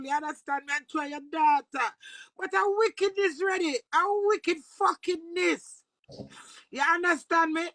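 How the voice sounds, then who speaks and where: Jamaican lady venting on a live, high voice, no room sound at all, heated and cursing. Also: dry recording. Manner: impassioned, swears often, bursts into shouting. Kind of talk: emotional livestream rant.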